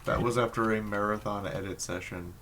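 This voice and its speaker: Excitable man chatting on stream. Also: fairly low pitch, fairly quick. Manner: excitable, swearing, bursts of loud outcry. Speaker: host. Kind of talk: casual group chat on stream. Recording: faint background noise.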